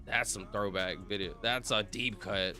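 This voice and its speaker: A man's voice: lowish voice, fairly even intonation, normal speed, bright, forceful tone, faint music behind. A man casually chatting on a livestream, rambling and joking while reading viewer comments aloud. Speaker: streamer.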